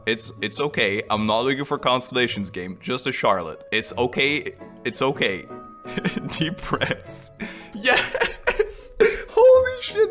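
A man giving excited, casual commentary while playing a video game, often laughing and exclaiming. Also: mid-range voice. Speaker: gaming video creator.

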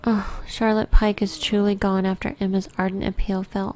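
A woman casually commenting on her own gameplay, often dropping to a soft whisper. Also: mid-range voice, flat delivery, moderate pace. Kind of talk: casual let's-play commentary.

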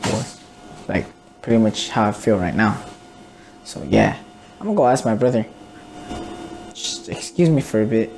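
A man's voice: mid-range voice, background noise. A man casually commenting on his gameplay, grumbling, swearing and muttering to himself. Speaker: gamer. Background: game music.

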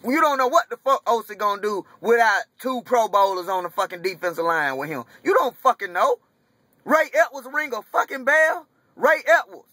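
A man's voice: very high-pitched, lively intonation, normal speed, sharp tone, dry recording. A young man ranting in a vlog, angry and profane, repeating himself as he vents. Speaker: vlogger.

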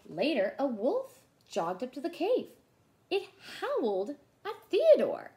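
A woman childcare teacher reading a picture book aloud to young children in an expressive storytelling voice. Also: high-pitched, slow.

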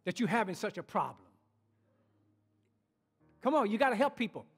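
A male pastor delivers a sermon in a strikingly high voice, calling out to his congregation as he goes. He stumbles and repeats words mid-thought, pressing each point home. His voice hangs in a long reverb that fills a large church hall. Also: sing-song, moderate pace, husky, faint music behind. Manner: exhorting congregation, frequent restarts and repeated words.

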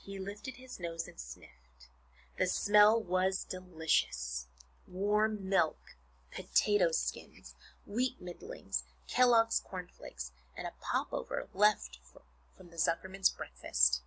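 A woman's voice: mid-range voice, takes it slowly, a bit bright, slightly rough, poor audio. A woman teacher reading a children's book aloud, stopping now and then to explain words to her young listeners. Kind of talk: read-aloud storytime.

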